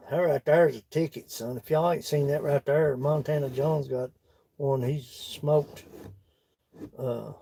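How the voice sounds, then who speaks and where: A man's voice: a little high, steady tone, unhurried, creaky, warm tone. A man with a Kentucky accent chatting casually with his livestream viewers in a folksy, laughing country drawl. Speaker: woodworking livestream host. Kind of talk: casual chat reading live comments.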